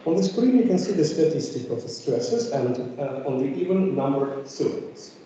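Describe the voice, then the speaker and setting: A man giving an academic conference lecture, pausing often with fillers as he explains. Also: a little high, expressive, warm tone, a little hiss or hum. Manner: hesitant, many filler pauses. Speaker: conference speaker. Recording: echoey, distant, dull room recording.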